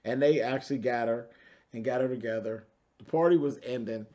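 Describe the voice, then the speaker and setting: A sassy man, recapping reality TV and talking straight to his viewers. His voice sits at a middle pitch, and the recording sounds slightly dull and lo-fi. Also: a little fast, dark tone. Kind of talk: casual TV recap commentary.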